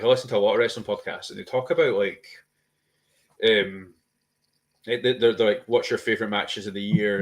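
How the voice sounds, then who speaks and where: A man co-hosting a podcast, rambling and swearing in casual chat, laughing often. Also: fairly low pitch. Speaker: podcast co-host.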